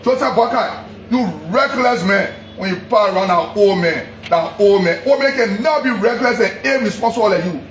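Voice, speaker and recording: Very high-pitched Liberian man, angry and accusatory, repeats his points and shouts at times; echoey room, faint background noise. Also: normal speed, few pauses. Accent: Liberian English. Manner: heated, accusatory, repeating himself, sometimes shouting. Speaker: politician. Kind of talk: angry public address.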